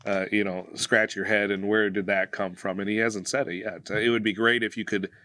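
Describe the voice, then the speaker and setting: A man co-hosting a podcast as a police officer, speaking in a halting way with many pauses and fillers. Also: fairly low pitch, flat delivery, pushed and bright. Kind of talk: casual podcast chat.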